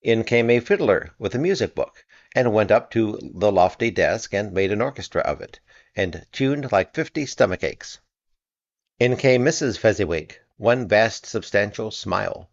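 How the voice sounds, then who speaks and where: Deep-voiced man reading a classic tale. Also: no echo, muffled recording. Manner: measured, expressive storytelling. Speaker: narrator. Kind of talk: audiobook reading.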